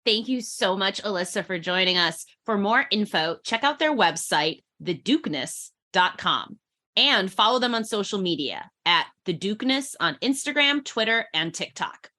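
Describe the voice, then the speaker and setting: A woman's voice: mid-range voice, expressive, normal speed, bright, forceful tone. A woman podcast co-host, blunt in manner, thanking a guest and giving announcements.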